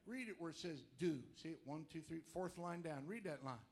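Male preacher, slightly higher voice, lively, swings quiet to loud. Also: brisk. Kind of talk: sermon.

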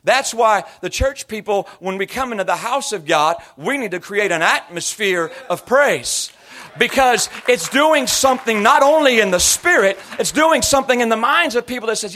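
Male pastor, 30s-40s, high-pitched voice; conversational sermon full of anecdotes and mimicry. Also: lively intonation, normal speed, pushed and bright. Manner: storytelling, slipping into imitated voices and accents.

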